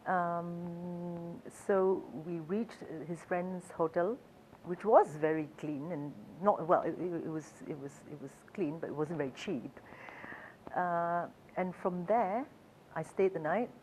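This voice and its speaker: A woman travel author tells stories in a chatty, meandering way, full of small hesitations and laughs. Her voice sits low. Faint background noise runs under the talk. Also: slow pace, a little mellow, poor audio. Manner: chatty, hesitant, many fillers and restarts, laughs often. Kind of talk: storytelling talk.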